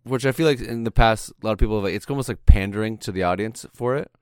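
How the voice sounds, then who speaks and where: A man's voice: fairly low pitch, fast, darkish tone, clean tone, no echo, studio quality. A young man from Canada co-hosting a podcast, rambling casually and leaning on filler words. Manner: rambling, heavy on "like" and "yeah", swears casually. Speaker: podcast co-host. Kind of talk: casual chat.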